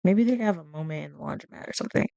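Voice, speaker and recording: A woman's voice: low voice, animated, rapid-fire, gravelly, dark tone, dry recording, highs cut off. A woman casually commenting on her life-sim game as she plays, rambling and laughing between remarks. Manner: chatty, rambling, laughing asides. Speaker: let's play streamer.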